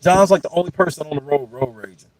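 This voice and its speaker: A young man and podcast host telling stories in a casual chat, profane and animated, often breaking into laughter. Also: a little high, fast talker, rough recording.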